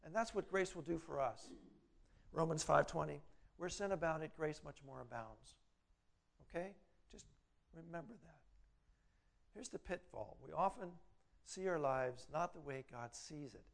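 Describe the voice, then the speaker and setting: A middle-aged man preaching a sermon, rising loud on his exhortations and dropping quiet and low when he voices inner doubts. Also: a little slow, gravelly, pauses often. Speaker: pastor.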